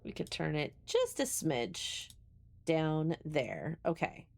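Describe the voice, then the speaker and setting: A woman's voice: deep voice, wildly swooping pitch, slow, creaky, a little mellow, a little hiss or hum. Chatty New Jersey woman streamer. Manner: chatty, swears, talks to chat, restarts often. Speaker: game streamer. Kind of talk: casual live stream chat.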